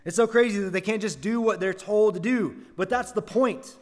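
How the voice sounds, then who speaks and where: A man's voice: high voice, normal speed. Man preaching in a reverberant hall. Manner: earnest preaching, rhetorical questions to the congregation. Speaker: pastor. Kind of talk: sermon.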